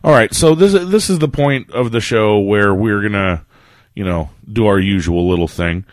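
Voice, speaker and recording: Deep-voiced casual podcast host. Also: male voice, normal speed, dry recording. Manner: relaxed, rambling. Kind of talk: casual chat.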